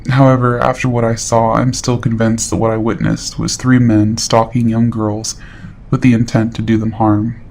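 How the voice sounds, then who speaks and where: A man reading a horror story aloud in steady, matter-of-fact scripted narration. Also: mid-range voice, normal speed.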